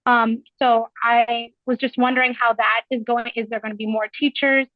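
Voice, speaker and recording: Shaky nervous lady calling into a school meeting, kinda high voice, dry muffled line. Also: level tone, normal speed, no room sound. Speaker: community member asking questions. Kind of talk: public comment at a community meeting.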